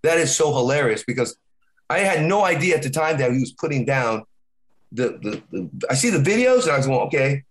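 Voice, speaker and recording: A middle-aged man chatting casually as a podcast co-host, his pitch sitting right in the middle of the range. He rambles through his stories, stumbling and restarting often. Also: very animated. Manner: rambling, halting storyteller with many restarts. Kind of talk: casual chat.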